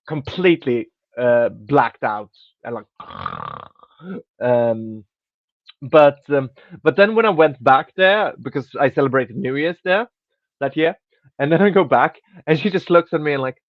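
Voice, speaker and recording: A man with a slightly high voice hosts a podcast and rambles through a story in casual chat, restarting sentences and swearing offhandedly. The recording is dry, with a dull lo-fi sound.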